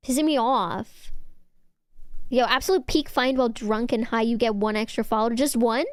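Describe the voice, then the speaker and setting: A young woman with a fairly high voice chats with her viewers on stream, teasing them and cursing freely as she reads their messages out. Her voice comes through a close mic in a dry room. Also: moderate pace, smooth, no echo. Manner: excitable, teasing, swears, reads chat aloud. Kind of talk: casual chat stream.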